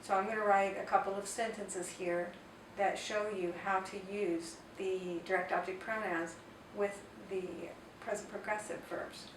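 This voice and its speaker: A woman's voice: medium pitch, fairly even intonation. Woman teaching grammar in an echoey room. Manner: slow, careful explanation with Spanish example sentences. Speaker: Spanish teacher. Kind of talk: whiteboard grammar lesson. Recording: echoey room, distant mic, faint noise.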